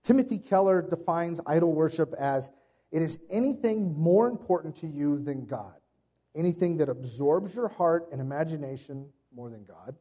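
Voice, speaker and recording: Conversational man preaching, mellow voice. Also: a little high, expressive, moderate pace. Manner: conversational storytelling with playful impressions. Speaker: pastor. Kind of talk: sermon.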